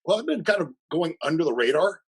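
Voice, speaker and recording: Animated higher-voiced man telling stories. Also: fast, husky, rough recording. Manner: animated, acts out quoted dialogue, laughs often. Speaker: coach being interviewed. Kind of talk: casual conversational storytelling.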